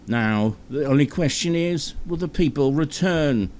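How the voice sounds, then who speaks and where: A man voicing an overdramatic male British TV news reporter, delivering the news in a slow, solemn, melodramatic way. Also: fairly high pitch, animated, a little mellow, a little hiss or hum, voice pushed up. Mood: grandiose.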